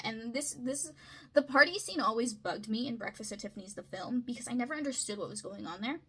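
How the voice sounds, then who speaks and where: Bright, husky-voiced woman essayist. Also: a little high, expressive, fairly quick, low-quality recording. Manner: chatty, frequent checks like "right?" and "okay?". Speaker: video essayist. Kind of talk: casual literary analysis.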